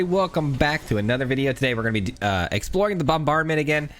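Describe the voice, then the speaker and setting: A man's voice: mid-range voice, animated, quick pace, few pauses, a bit bright. A male gaming host with a stuffy nose, giving casual, chatty commentary while he plays and thinks aloud. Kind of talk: gameplay commentary.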